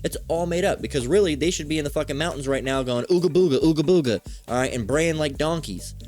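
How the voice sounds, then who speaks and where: A man's voice: on the high side, quick pace. A man giving a fiery religious lesson, swearing often and checking in with "all right?" after nearly every point. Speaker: religious teacher. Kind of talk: street preaching lesson.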